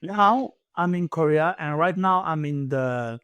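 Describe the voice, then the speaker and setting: In a small room in military lodging, an animated young guest from Ivory Coast chats casually in an interview, using non-native English laced with "you know" and "bro." His voice runs on the high side, unhurried and clean in tone, and the recording is dry.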